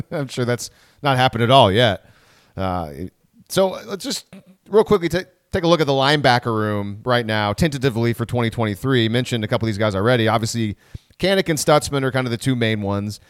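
An animated man with a mid-range voice hosts a casual sports podcast, rambling through the team, correcting himself and tossing in quick asides. The sound is studio quality with no echo.

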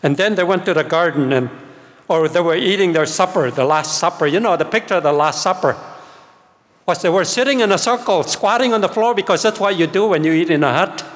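An older man giving a sermon testimony, telling his story in an animated way and acting out his own past words. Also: high-pitched, fairly quick. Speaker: preacher. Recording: long reverb of a hall.

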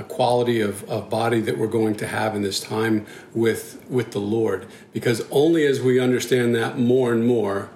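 Church leader, man, halting thoughtful talk, roomy echo, faint hiss. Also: medium pitch, darkish tone. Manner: halting, thoughtful, many restarts. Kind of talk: casual discussion.

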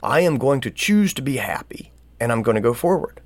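A man's voice: medium pitch, lively intonation, brisk, no echo. A man co-hosting a podcast, giving earnest advice in casual talk, full of rhetorical questions and small stories. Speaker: podcast co-host.

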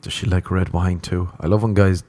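A man's voice: sits low, flat delivery, brisk, a little mellow. An Irish man hosting a podcast, rambling through a comic monologue and swearing freely, with a self-mocking manner. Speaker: podcast host.

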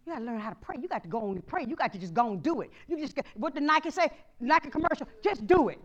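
Woman pastor, high voice, sermon delivery with call-and-response, soft to shouting. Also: expressive, quick pace, muffled recording.

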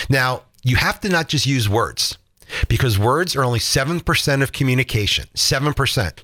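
Upbeat guy coach talking it through, punchy bright voice, cracks jokes, leans hard on key words. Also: medium pitch. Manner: lively, jokey, emphatic, acts out examples. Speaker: sales and communication coach. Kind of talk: energetic interview explanation.

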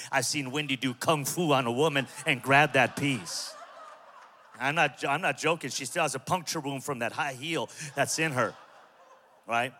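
A male pastor preaching a sermon to a large church, impassioned and humorous, building up to shouts. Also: mid-range voice, slight background noise. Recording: long hall reverb.

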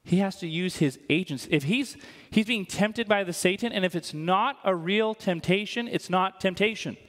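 A long hall echo fills the church as a pastor speaks in a high, light, fairly bright voice. His sermon is conversational and jokey, and he keeps tossing "right?" out to the congregation.

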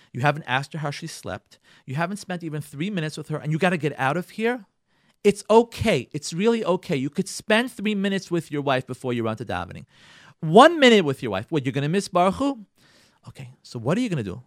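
A rabbi giving a radio talk on marriage, animated, acting out quoted lines and repeating himself. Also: male voice, on the high side, no room sound, studio quality.

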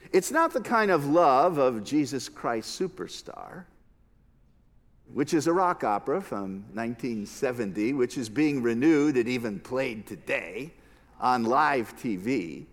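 A man preaching a sermon as a pastor, expressive, moving from hushed lines to emphatic ones. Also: medium pitch, measured pace, big-room sound.

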